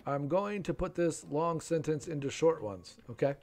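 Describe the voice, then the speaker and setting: A man's voice: fairly high pitch, animated, normal speed, a little mellow. A man in his thirties hosting a live game stream, chatting with viewers and reading their names from the chat.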